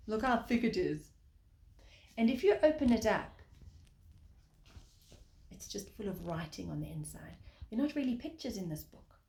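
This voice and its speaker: A woman, a preschool teacher, telling a picture-book story to young children in a gentle, sing-song way, pausing to point at the pictures. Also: medium pitch. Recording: echoey room, faint background noise.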